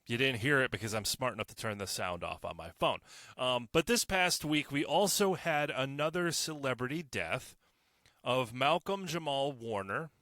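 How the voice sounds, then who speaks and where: A man's voice: mid-range voice, pushed and bright, no echo, studio quality. A man hosting his own podcast, ranting crudely and mockingly with plenty of swearing and restarts. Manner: rambling with frequent restarts. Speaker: podcast host. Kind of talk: solo opinion podcast rant.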